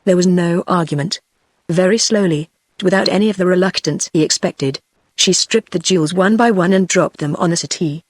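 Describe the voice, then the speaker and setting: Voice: mid-range voice, moderate pace, no echo. Dry synthetic audiobook narrator voice. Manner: even, machine-read delivery. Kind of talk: text-to-speech book reading.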